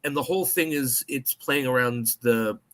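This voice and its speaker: An American man co-hosting a podcast, chatting casually and eagerly about a spy film and slipping into quick mock voices. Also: medium pitch. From United States. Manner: animated, puts on mock voices in quotes. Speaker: podcast co-host.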